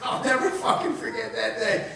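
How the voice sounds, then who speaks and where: Onstage before a live audience at a comedy club or event room, a man in his 50s from Long Island, New York, delivers crude, blunt stand-up laced with asides. His high voice is expressive and moves at a moderate pace. The sound is echoey, distant and mixed with crowd noise.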